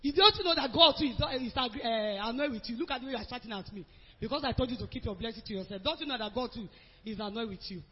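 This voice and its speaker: A woman's voice: fairly high pitch, rapid-fire, slight background noise. A woman asking her pastor a question, earnest and hesitant with many fillers. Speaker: congregation member asking a question. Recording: echoey hall, dull lo-fi sound.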